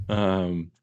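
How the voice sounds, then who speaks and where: Man, lowish voice, hesitant, laughs a lot, dry close recording. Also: darkish tone, smooth, no echo, lo-fi sound. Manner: hesitant, laughing, full of fillers. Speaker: podcast co-host. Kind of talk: casual podcast chat.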